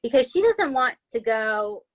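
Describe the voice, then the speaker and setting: A woman's voice: on the high side, animated, a little slow. A woman hosting a podcast, telling a true-crime story in a casual, chatty way, swearing freely and checking in with "right?" and "okay?". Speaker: podcast host.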